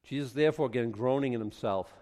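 A man preaching a sermon, reading scripture aloud and commenting on it, at times building to loud, emphatic passages. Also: medium pitch, fast, in a large hall.

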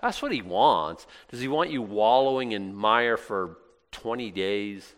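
A man's voice: lowish voice, lively intonation, unhurried, fairly bright tone. A male pastor preaching in a casual, conversational way, acting out little prayers and back-and-forth dialogue. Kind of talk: sermon. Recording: long hall reverb.

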